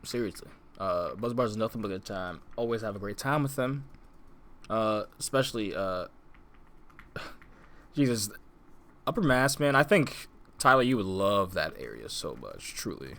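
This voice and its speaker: A man's voice: fairly low pitch, animated, moderate pace, vocal fry, a bit bright. A young man co-hosting a casual podcast, rambling with lots of fillers, restarts and laughs. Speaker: podcast co-host. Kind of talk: casual chat.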